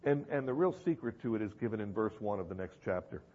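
A man preaches a sermon to a congregation in a church hall, speaking emphatically, repeating phrases and posing rhetorical questions. His lowish voice is expressive, fast and a little mellow. The recording is dull lo-fi in a reverberant hall, with a little hiss or hum.

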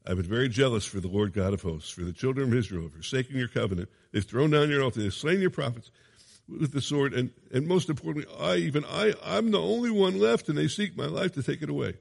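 A man putting on a worn-out, self-pitying old-time prophet who pours out his grievances in a climbing, whiny voice. The voice sits higher than the speaker's own and rings with a long hall echo. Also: lively intonation, fast talker, creaky, a little mellow, husky. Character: weary despairing male prophet, self-pitying.

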